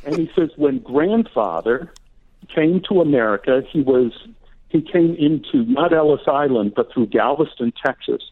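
A man in his sixties, an actor and author, who tells stories in a chatty, unhurried way as a radio guest. His voice comes through a thin, phone-like line. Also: mid-range voice, lively intonation. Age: 60s. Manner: warm storyteller, chatty. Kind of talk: casual interview storytelling.

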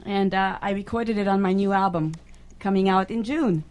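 A woman's voice: mid-range voice, steady tone, moderate pace, darkish tone, clean tone. A woman, a singer guest on a radio show, chatting casually and laughing often. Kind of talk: casual interview chat. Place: radio studio.

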